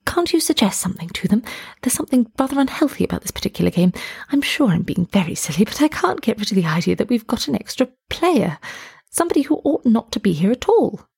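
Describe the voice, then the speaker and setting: A woman whispering as a gentle, uneasy lady in the dark. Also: a little high, big pitch swings, fast talker, vocal fry, husky, pitched above the performer's own voice, heavily acted. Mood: hushed uneasy. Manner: hushed, whispered.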